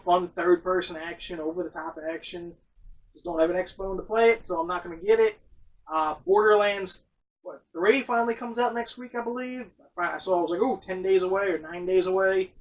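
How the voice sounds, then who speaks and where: A man's voice: high voice, brisk. Sarcastic profane man, off-mic. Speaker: podcast co-host. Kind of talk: casual comic and game chat. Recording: distant room mic.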